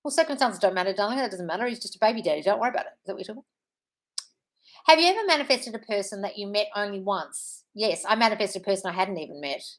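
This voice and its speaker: A woman's voice: mid-range voice, animated, very fast, few pauses. A woman hosting a live Q&A as a manifestation coach. She reads out viewer questions and answers them in a frank, breezy way, calling her listeners "darling". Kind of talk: casual live-stream chat, reading viewer questions.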